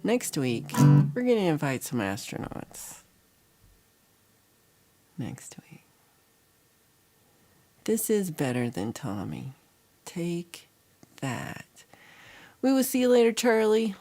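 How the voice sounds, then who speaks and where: Slow-talking playful woman streamer. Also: lowish voice, big pitch swings, darkish tone. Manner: playful, teasing, drawn-out delivery. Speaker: livestream host. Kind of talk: casual chat with live viewers. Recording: music playing behind.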